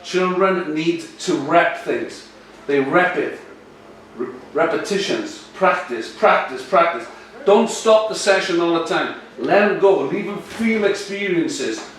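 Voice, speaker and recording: A rugby coach, a man, giving a lively workshop talk to other coaches. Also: fairly high pitch, slow. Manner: lively, animated, addresses audience directly. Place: workshop room. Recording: echoey room from far off, faint noise.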